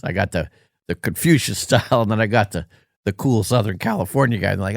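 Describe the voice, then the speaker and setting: A man's voice: fairly low pitch, quick pace, creaky, dry recording, studio quality. Rambling man telling a long story. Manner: rambling storyteller, searches for words. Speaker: podcast co-host. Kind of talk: casual chat. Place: Los Angeles.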